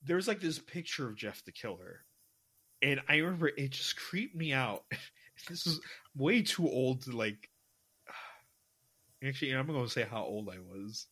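A man's voice: mid-range voice, very animated, unhurried, sharp tone, husky. Rambling young man, casual podcast chat. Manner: rambling, many fillers and restarts. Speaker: podcast co-host.

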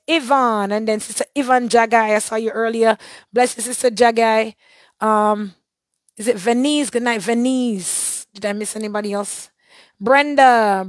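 A hoarse woman hosting a live stream, giving churchy blessings and greeting viewers one by one. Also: medium pitch, dry recording. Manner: warm churchy blessings and shout-outs. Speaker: livestream host.

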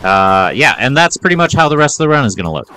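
A man's voice: medium pitch, sing-song, quick pace, sharp tone, a little hiss or hum. A man giving playful, self-mocking commentary while playing a video game. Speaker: gaming video host. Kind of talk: let's play commentary.

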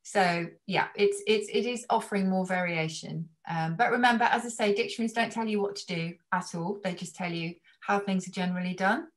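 Middle-aged woman guest, chatty and explainy, normal pitch. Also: brisk, few pauses. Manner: thoughtful, explanatory, upbeat. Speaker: guest language expert. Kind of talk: casual chat.

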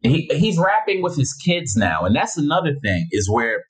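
A comedian from Harlem, chatting casually on a podcast and quoting rap bars with relish. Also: male voice, a little high, sing-song, normal speed, slightly rough. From Harlem, New York. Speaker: comedian guest.

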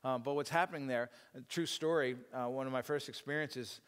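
A middle-aged man gives an informal teaching talk in a church hall, rambling and poking fun at himself, with lots of fillers and restarts. His mid-range voice is smooth, fairly bright, and fairly quick, and the hall adds long reverb.

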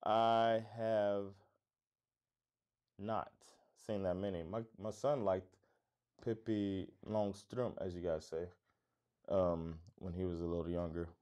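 Man from florida, neutral american accent, mellow low voice, upbeat and easygoing, says "man" a lot. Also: steady tone, slow pace, long pauses, clear, resonant tone. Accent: neutral American, hint of Florida. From Florida, USA. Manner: upbeat, laid-back, says "man" a lot, laughs easily. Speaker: livestream host, comedy club owner. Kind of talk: casual livestream chat reading viewer comments.

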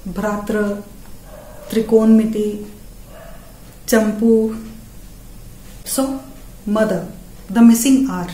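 A woman's voice: a little high, warm tone, echoey room. Indian woman doing stand-up comedy. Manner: playful, switching between languages mid-sentence. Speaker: stand-up comedian and channel host.

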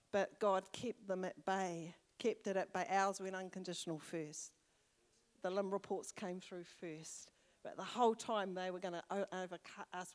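An older woman with a New Zealand accent, a church elder giving a sermon testimony, telling a personal story with fervent exclamations. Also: mid-range voice. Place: church hall. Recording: long reverb of a church hall.

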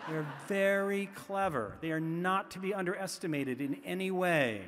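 A man's voice: sits high, moderate pace, noisy background. A middle-aged man from the Boston area telling chatty anecdotes at a public talk, full of "you know" asides. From Boston area, USA. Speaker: author giving a festival talk. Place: large festival venue. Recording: long hall reverb in a big venue.

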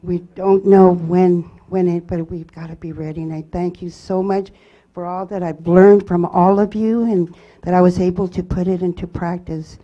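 A woman giving a personal testimony at church, telling her story earnestly with halting restarts. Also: on the low side, fairly even intonation, dull audio.

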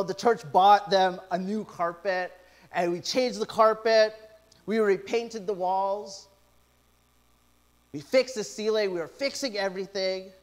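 A middle-aged man preaching from the pulpit in a fairly high voice. He tells stories with animated asides, acting out what people said. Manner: animated storytelling with quoted asides. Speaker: pastor. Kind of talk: sermon.

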